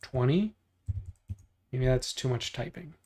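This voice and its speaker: A man hosting a livestream, chatting casually and thinking out loud as he builds 3D models, joking and teasing himself along the way. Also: medium pitch, slow pace, husky. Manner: joking, self-deprecating, thinks out loud while clicking. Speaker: livestream host modeling in 3D software. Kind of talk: casual livestream chat while working.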